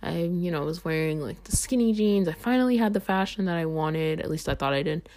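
A woman's voice: lowish voice, lively intonation, fairly quick, darkish tone, a little hiss or hum. Chatty young woman podcast host. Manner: chatty, lots of "like" and "um" fillers. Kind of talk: casual storytelling monologue.

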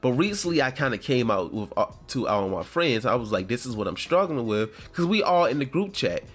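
A man's voice: mid-range voice, sing-song, a little fast, husky. A man hosting his own show, talking in a casual, rambling and heartfelt way from home. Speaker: podcast host. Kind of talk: casual solo talk.

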